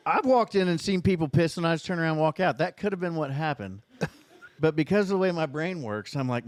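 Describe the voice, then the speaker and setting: A man's voice: fairly high pitch, fairly quick, dry recording. A man with a Southern Indiana accent, telling a long comic story on a podcast, cursing freely. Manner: profane rambling storyteller. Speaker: podcast co-host. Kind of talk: casual storytelling.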